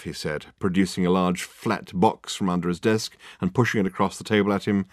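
A man narrating an audiobook in a measured, dry storytelling manner. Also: low-pitched, steady tone, dry recording. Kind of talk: scripted narration.

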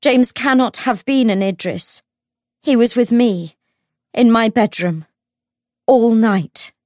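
A woman's voice: fairly high pitch, takes it slowly, no echo, studio quality, pitched above the performer's own voice. A woman voicing a defiant young woman who speaks up boldly before a crowd. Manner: loud, defiant.

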